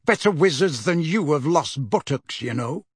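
A man's voice: fairly high pitch, animated, normal speed, slightly rough, no echo, clean studio sound. A man voicing a grizzled, suspicious old wizard who growls and barks his words in a storybook reading. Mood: scolding. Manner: growling, barking.

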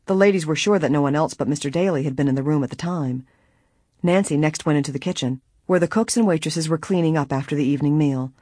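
An audiobook reader narrating a mystery story in a measured way, with a breathy voice. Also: medium pitch, darkish tone, no echo, studio quality. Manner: measured storytelling, voicing each character. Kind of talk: scripted narration.

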